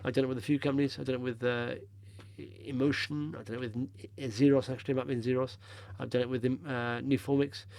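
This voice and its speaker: A man's voice: medium pitch, level tone, quick pace, creaky, darkish tone, no echo. A man hosting a casual stock-picking video, talking over charts in a chatty, rambling way with blunt opinions, tired after a long drive.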